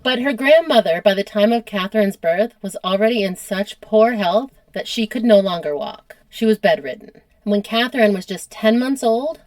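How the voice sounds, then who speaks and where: An American woman hosts a casual history podcast, telling the story in a chatty, easygoing way. She laughs often as she talks. Her voice has an average pitch and sounds dry and close to the mic. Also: animated, normal speed, darkish tone, dry recording. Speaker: podcast host.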